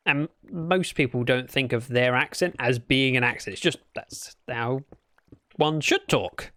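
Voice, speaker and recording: A man's voice: medium pitch, a little slow, fairly bright tone. A British man livestreaming a game, chatting casually in a rambling, playful way and correcting himself as he goes. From Britain. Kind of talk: casual gameplay chat.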